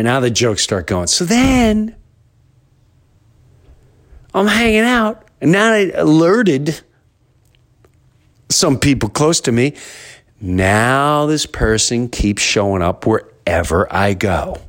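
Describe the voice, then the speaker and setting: A man hosting a podcast, telling a comic story in an animated, exaggerated way with many restarts. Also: medium pitch, slow, long pauses. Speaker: podcast host. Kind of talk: comedic storytelling.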